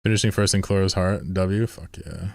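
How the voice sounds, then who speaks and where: A man's voice: low voice, moderate pace, gravelly, no echo, studio quality. A man streaming a game, chatting loosely with viewers, swearing and often laughing. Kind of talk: casual live-stream chat while gaming.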